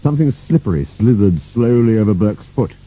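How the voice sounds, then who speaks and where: Warm husky low man reading a storybook, lively swooping delivery. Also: fairly quick, rough recording. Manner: expressive, playful reading. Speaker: narrator. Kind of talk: storybook narration.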